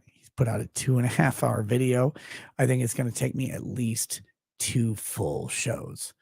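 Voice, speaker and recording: A man with a gravelly, creaky voice hosts a live stream from a close mic, reading chat messages aloud in a sardonic, joking way. His delivery jumps between loud bursts and muttered asides. The sound is dry and close, with no room echo. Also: mid-range voice, fairly even intonation, a little slow. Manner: sardonic, jokey, with sudden loud outbursts and quiet asides. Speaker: show host.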